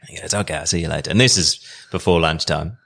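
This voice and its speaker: Deep-voiced man telling a story. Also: quick pace. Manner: relaxed, rambling storyteller. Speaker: podcast guest.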